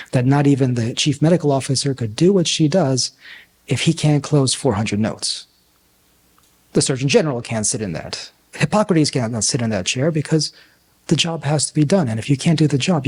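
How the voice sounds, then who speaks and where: A man with a husky voice in a mid-range pitch delivers a conference talk. He works like a storyteller, acting out the people in his anecdotes and swinging his pitch up and down as he goes. As a physician and coach, he speaks plainly and directly to the audience. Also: darkish tone. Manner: storytelling, acts out dialogue with big pitch swings.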